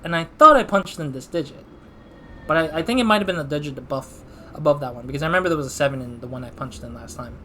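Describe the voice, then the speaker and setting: Man, casual game commentary, reads dialogue aloud, slightly high voice, faint noise. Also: expressive, fast talker, sharp tone. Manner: reads all parts aloud, self-deprecating asides. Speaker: gamer reading and voicing dialogue. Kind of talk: casual let's play commentary.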